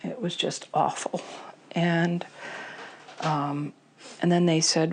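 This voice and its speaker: A woman's voice: on the low side, flat delivery, slow pace, long pauses. A middle-aged woman telling her personal recovery story in an interview, candid and emotional, with many fillers.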